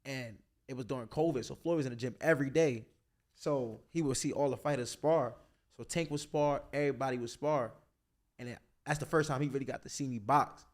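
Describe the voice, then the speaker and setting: A young man, a boxer, telling stories in a casual interview, animated and slangy, full of "like" fillers. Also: mid-range voice, brisk.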